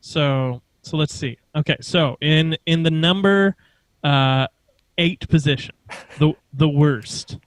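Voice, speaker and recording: A man's voice: a little high, slow, dry recording, rough recording. A man co-hosting a casual movie podcast, wryly ranking plotlines from worst to best. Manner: wry, ranks things methodically. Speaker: podcast co-host. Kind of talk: casual chat.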